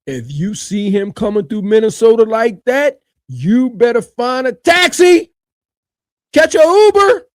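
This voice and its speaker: A man giving animated reaction commentary on a video, colloquial, swinging from low mutters to loud high shouts. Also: unhurried, dry recording.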